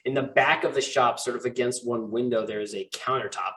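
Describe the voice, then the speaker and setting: Relaxed man narrating as game master. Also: mid-range voice. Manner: relaxed, filler-heavy, describes scenes slowly.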